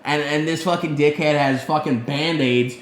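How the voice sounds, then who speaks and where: A man co-hosting a podcast, telling stories in a casual, profane, animated way. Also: a little high, moderate pace, echoey room. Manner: profane, animated storyteller, heavy swearing. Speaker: podcast co-host. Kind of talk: casual storytelling chat.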